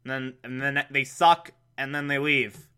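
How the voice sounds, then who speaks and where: A man's voice: mid-range voice, steady tone, measured pace, sharp tone, smooth. A man giving a sarcastic, incredulous recap of an episode, mocking the plot and swearing. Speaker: comedic recapper.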